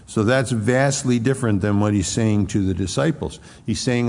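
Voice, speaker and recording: A man's voice: on the low side, normal speed, vocal fry, hardly any pauses, a little mellow, big-room sound. A middle-aged man preaching a sermon, reflective, reading scripture aloud in old-style wording. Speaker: pastor. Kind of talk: expository sermon.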